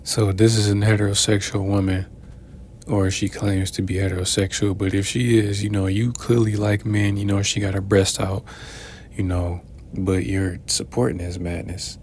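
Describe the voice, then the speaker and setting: A man's voice: fairly low pitch, flat delivery, moderate pace, a little mellow, a little hiss or hum. A man hosting a commentary show, reacting to clips in a preachy, rambling way full of filler words. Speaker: commentary channel host.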